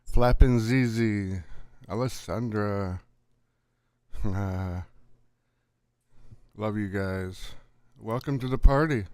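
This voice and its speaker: A middle-aged man hosts a live stream in an easygoing, chatty way. His voice sits a little low and is recorded close and dry. He greets viewers warmly by name and laughs often. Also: extremely slow, long pauses, clean tone, dry recording. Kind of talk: casual live stream chat.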